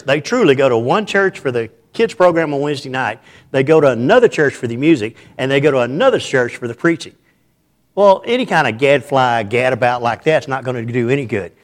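A man, preaching an informal, folksy sermon in a church with a lively, self-described hyper delivery. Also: mid-range voice. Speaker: pastor.

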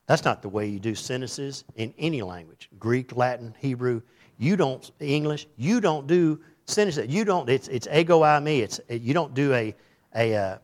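A man's voice: mid-range voice, animated, moderate pace. A man preaching a sermon in a conversational way, reading scripture aloud and acting out the voices in it. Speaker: pastor.

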